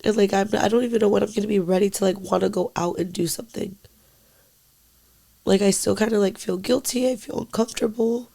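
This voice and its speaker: A young woman with a gravelly, fry-tinged voice, talking in casual podcast chat. She speaks haltingly, filling her sentences with "like" and the odd swear word. Her delivery is quiet and emotional, sometimes falling almost to a whisper. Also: mid-range voice, fairly even intonation. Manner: halting, full of "like" and frequent swearing. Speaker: podcast co-host.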